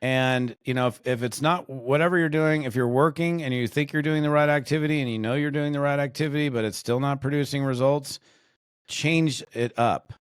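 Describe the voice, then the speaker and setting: A man's voice: mid-range voice, a little fast, clear, resonant tone, no room sound, clean studio sound. A middle-aged man from the United States, a network marketing trainer chatting as a podcast guest, rambling with fillers and restarts. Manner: rambling, animated storytelling with many fillers and restarts. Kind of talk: casual podcast chat.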